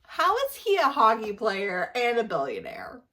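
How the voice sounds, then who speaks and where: A woman ranting about books with open disbelief, her pitch set fairly high. She swoops up and down a lot and drives her points home by repeating them. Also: wildly swooping pitch, measured pace, pushed and bright. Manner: exasperated, incredulous, emphatic repetition. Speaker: book reviewer reacting to videos. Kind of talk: reaction rant.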